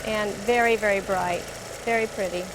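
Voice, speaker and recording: A woman's voice: mid-range voice, moderate pace. A woman teaching longarm quilting, narrating each step chattily as she stitches in her studio. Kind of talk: hands-on demonstration. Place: quilting studio beside a running longarm machine. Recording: steady machine noise behind the voice. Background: longarm sewing machine hum.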